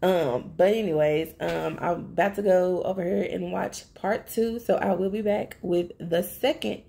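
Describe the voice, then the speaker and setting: A woman with a lowish, gravelly voice tells a TV episode's story in a chatty vlog. She talks straight to her viewers and narrates with lively flair. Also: unhurried. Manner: chatty, addresses viewers directly; animated storytelling. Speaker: TV recap vlogger. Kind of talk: casual episode recap.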